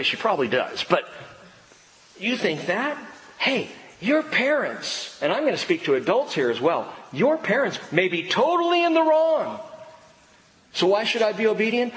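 A middle-aged male pastor preaching a sermon with animated delivery, acting out the voices of children and parents. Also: high voice, a little hiss or hum. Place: church sanctuary. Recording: long reverb in a large hall, faint background ambience.

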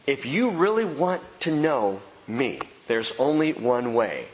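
A man preaching a sermon as pastor, emphatic and animated, repeating key phrases for effect. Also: mid-range voice, slow, a little hiss or hum. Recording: dull sound with long hall reverb.

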